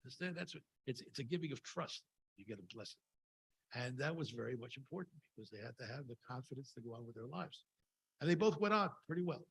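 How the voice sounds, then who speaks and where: A man's voice: medium pitch, expressive, quick pace, creaky, a bit bright, a little hiss or hum, poor audio. A man giving an informal, conversational sermon at a synagogue service, wandering into wry asides as he retells a scripture story. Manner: conversational and digressive, with frequent fillers and wry asides. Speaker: speaker giving a Torah talk at a Shabbat service.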